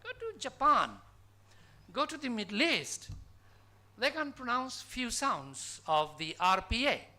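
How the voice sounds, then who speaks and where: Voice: medium pitch, big pitch swings, takes it slowly, bright, forceful tone. A conference speaker from Bangladesh giving an academic lecture in a college hall, posing emphatic rhetorical questions to the audience.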